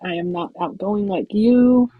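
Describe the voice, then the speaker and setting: A woman basketball coach talking in a soft-spoken, reserved way about her team in a casual conversation. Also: mid-range voice, unhurried, husky, dry recording, phone-quality sound.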